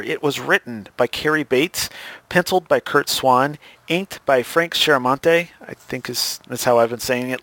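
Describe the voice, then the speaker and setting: A man casually retelling a comic book story as a recap host, relaxed and stopping to fix his own slips. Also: a little high, no room sound. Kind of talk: casual plot recap narration.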